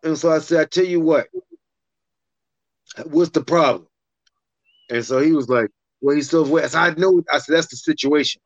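Male storyteller, profane and animated, mid-range voice, dry and slightly muffled. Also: a little high, normal speed, long pauses, no room sound. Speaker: fighter telling a story. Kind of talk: casual storytelling in a podcast chat.

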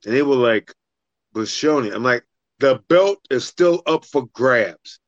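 Male storyteller, profane and animated, mid-range voice, dry and slightly muffled. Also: mid-range voice, measured pace, dry recording. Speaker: fighter telling a story. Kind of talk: casual storytelling in a podcast chat.

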